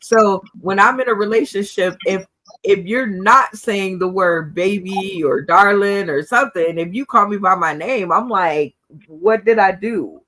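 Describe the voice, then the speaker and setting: A woman co-host with a bright, clear voice who chats in a relaxed way. She thinks aloud and breaks into laughter between her remarks. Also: mid-range voice, a little slow. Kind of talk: casual live chat show banter.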